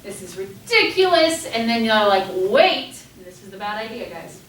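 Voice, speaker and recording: A woman teaching a class, talking in a lively way and acting out the panicked voices of students. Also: medium pitch, moderate pace, slight background noise. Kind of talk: classroom lecture. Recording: echoey classroom, mic at a distance.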